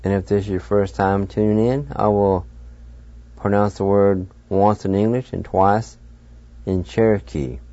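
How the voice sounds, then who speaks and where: A man hosting a radio language lesson, patiently spelling out words letter by letter and pronouncing each one slowly. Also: fairly low pitch, fairly even intonation, mellow, no echo, dull audio. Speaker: radio language teacher and host.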